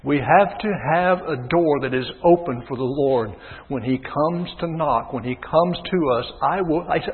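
A man preaching a sermon in a husky voice, swinging between low measured reading and loud impassioned calls. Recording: tinny phone-like sound with long hall reverb.

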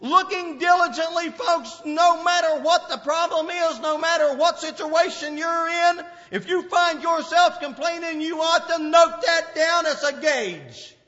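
High-voiced impassioned male preacher, echoing hall. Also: unhurried, hardly any pauses. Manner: impassioned, swinging from loud outbursts to low murmurs. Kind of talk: sermon. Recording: dull lo-fi recording with long hall reverb.

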